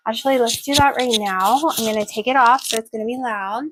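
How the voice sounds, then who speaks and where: Woman, home kitchen vlogger, slightly high voice, chatty and hyper, runs on in quick bursts. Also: background noise. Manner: rambling, excitable, talks fast in bursts. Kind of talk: casual vlog chat. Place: home kitchen, cooking at a griddle. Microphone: new clip-on wireless mic, sometimes clipped to the stove away from her.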